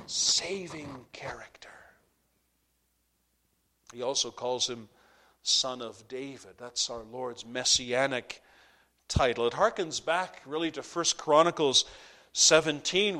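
A male pastor delivers a sermon with passion, his slightly high voice climbing to loud peaks and then falling to near hushes. He speaks slowly and deliberately. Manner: impassioned, swinging between loud peaks and hushed drops.

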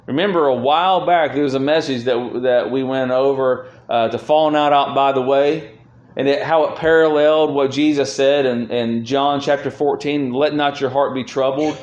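A man's voice: medium pitch, steady tone, normal speed, darkish tone, muffled recording. A man preaching a sermon as pastor, speaking earnestly and swelling with feeling when he reads scripture aloud. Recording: roomy echo.

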